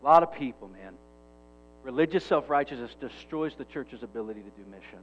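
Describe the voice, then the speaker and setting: A man's voice: mid-range voice, lively intonation, fairly quick, dull audio, soft background music. A male pastor preaching a sermon in an emphatic, conversational way.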